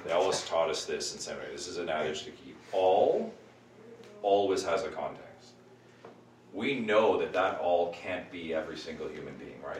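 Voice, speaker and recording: Deep-voiced man teaching a Bible class in a roomy space. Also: moderate pace. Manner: animated, rhetorical questions. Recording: roomy, distant mic with faint noise.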